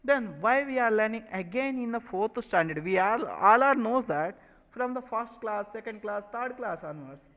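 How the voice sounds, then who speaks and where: A man's voice: high-pitched, lively intonation, moderate pace, a bit bright, in a large hall, poor audio. A man with an Indian English accent teaching a maths lesson, repeatedly asking questions and answering them himself. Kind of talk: online classroom lesson.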